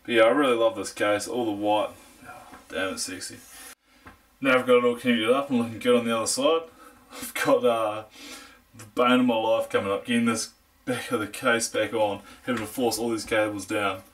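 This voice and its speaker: A man's voice: on the low side, fairly even intonation, a little fast, a bit bright. A young man with a New Zealand accent giving a casual, jokey hands-on review of computer parts, rambling with fillers. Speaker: tech reviewer.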